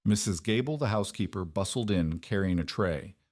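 Male storyteller, steady scripted narration, dry and low. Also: brisk, no echo.

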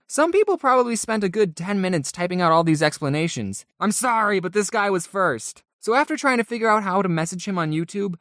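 Animated young comedic storyteller, dry close mic. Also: no room sound. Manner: animated, deadpan asides, big pitch swings. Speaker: YouTube storyteller.

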